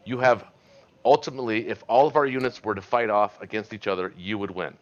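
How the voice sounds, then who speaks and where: Deep-voiced man musing over a board game. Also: a little fast, dull audio. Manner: reflective, advising, chuckling. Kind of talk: casual chat over online game.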